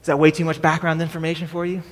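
Guy preaching, keeps asking "right?", a bit high pitched, echoey church hall. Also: completely flat delivery, racing. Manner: conversational, checks in with the congregation; has the congregation repeat his main point. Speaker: pastor. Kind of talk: sermon.

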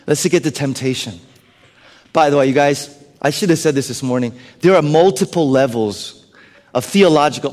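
A male pastor preaching a sermon to his congregation. He swings between loud emphatic lines and hushed, whispered asides. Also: a little high. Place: church sanctuary. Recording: long hall reverb.

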